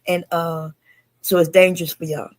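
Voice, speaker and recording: A woman hosting a casual livestream chat, frank and argumentative, warm in her goodbyes. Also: on the low side, little pitch movement, normal speed, no echo. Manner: frank, argumentative, affectionate sign-offs. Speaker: livestream host.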